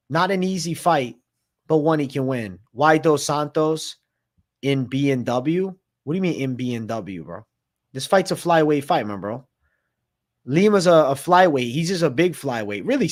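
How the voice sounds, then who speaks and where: A man hosting a live stream of fight predictions, talking in a brash, slangy and profane way. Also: a little high. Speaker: host.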